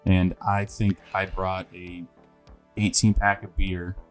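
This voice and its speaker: A man's voice: low-pitched, level tone, slow pace, soft background music. A young man co-hosting a podcast, telling a story in a laid-back casual chat. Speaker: podcast co-host.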